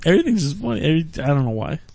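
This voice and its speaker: A man's voice: a little high, sing-song, racing, gravelly, warm tone, a little hiss or hum. A man co-hosting a podcast, laughing often and rambling through crude banter. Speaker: podcast co-host. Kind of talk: casual chat.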